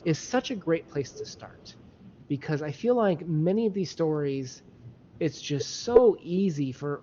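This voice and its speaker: A man co-hosting a casual book discussion video, enthusiastic and quick with asides and laughter. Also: fairly high pitch, mellow. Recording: dull lo-fi audio with faint hiss.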